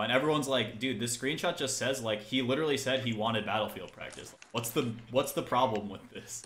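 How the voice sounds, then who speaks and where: A man's voice: medium pitch, normal speed. A man casually telling a story, rambling with constant fillers and quoting people in an exasperated tone. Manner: quotes other people's lines in an exasperated tone. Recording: roomy echo, faint background noise.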